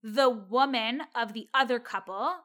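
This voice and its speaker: A young woman casually telling a story about her time as a server, animated and quoting the people involved. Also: a little high, measured pace.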